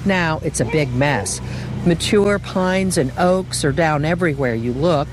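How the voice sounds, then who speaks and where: A woman's voice: sits low, a little slow, a little hiss or hum. A woman reporter narrating a field report in a descriptive, storytelling way. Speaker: radio reporter.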